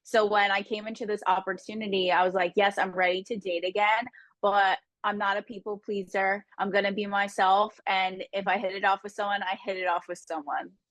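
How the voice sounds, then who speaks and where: A woman's voice: mid-range voice, flat delivery, fairly quick, a bit bright, no echo. A young woman from New Jersey, a guest chatting candidly in an interview, laughing often and filling her speech with "like". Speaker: guest, dating show contestant. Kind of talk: casual interview chat.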